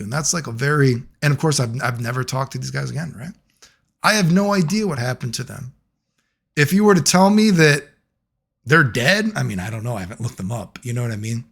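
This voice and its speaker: A man telling a long personal story in a casual monologue, rambling and profane, getting animated when he quotes other people. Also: mid-range voice, brisk, vocal fry, breathy edge. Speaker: video creator.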